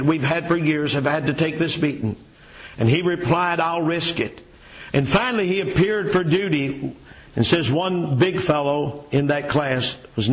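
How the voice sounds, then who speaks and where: A man preaching a sermon and reading a story aloud, folksy and unhurried, with many fillers and repeated words. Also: a little high, poor audio.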